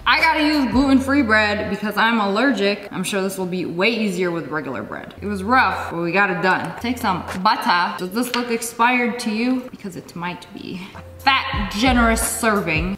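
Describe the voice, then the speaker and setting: A woman hosting a casual vlog, talking in a playful, jokey and exclamatory way. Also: a little high. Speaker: YouTube host. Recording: echoey room with music behind.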